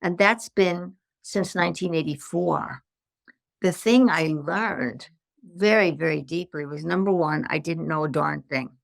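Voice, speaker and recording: An older woman tells her story as a podcast guest, slipping into the voices of the people she quotes. Her voice is low and heavily gravelly with lots of fry. The sound is close and dry, with no room around it. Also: a little slow, dry recording. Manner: animated anecdotes with acted-out quotes. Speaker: guest, stress management consultant.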